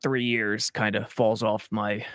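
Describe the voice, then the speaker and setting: A man's voice: fairly low pitch, flat delivery, unhurried, fairly bright tone, no echo, clean studio sound. A man working as a sports analyst, trading teasing wisecracks in casual talk-show banter.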